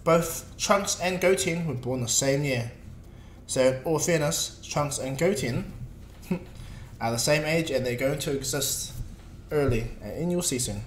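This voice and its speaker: A man's voice: on the high side, unhurried, roomy sound, a little hiss or hum. A man casually narrating a fan-made story in a rambling way, with many fillers and restarts.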